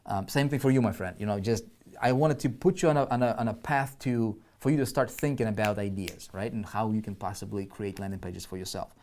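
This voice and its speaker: A man's voice: fairly low pitch, a little fast, darkish tone, a little hiss or hum. A man teaching an online marketing lesson as a screen-share walkthrough, thinking aloud, often checking in with listeners and restarting his words. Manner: frequent restarts and repeated words.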